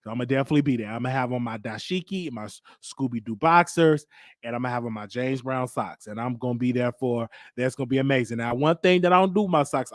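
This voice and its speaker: A man hosting a show, telling a comic story in a lively, joking monologue. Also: quick pace, no room sound, clean studio sound. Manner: animated storytelling, jumping into high voices for others. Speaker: host. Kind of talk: comedic monologue.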